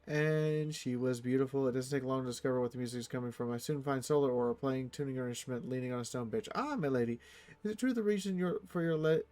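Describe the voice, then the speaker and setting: A man streaming a strategy game, reading its text aloud and swinging from quiet muttered asides to loud, swearing outbursts. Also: medium pitch, quick pace. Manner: swears freely.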